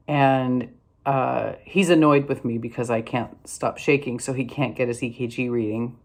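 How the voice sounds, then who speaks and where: A woman's voice: rumbling low, steady tone, measured pace. Tired older woman, rambling wry story. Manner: rambling, wry, many fillers and restarts. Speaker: vlogger. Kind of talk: casual storytelling to camera.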